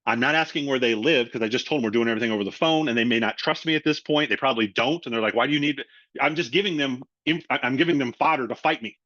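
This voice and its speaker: Animated middle-aged man training salespeople. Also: medium pitch, racing, no echo. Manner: animated, acts out both sides of sales calls. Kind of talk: webinar training talk. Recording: dry, slightly dull lo-fi audio.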